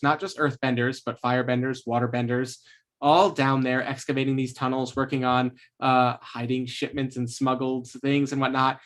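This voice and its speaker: A man runs a tabletop game on a stream and recaps the story so far. He talks in a loose, meandering way at an ordinary pitch, pausing to hunt for words and laughing now and then. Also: a bit bright. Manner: rambling, searching for words, laughing often. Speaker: game master. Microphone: streaming microphone.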